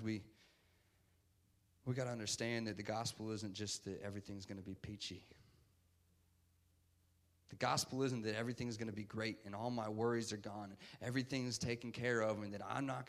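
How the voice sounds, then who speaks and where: A man's voice: medium pitch, a bit bright. A man preaching a casual sermon, emphatic and conversational, often repeating "guess what".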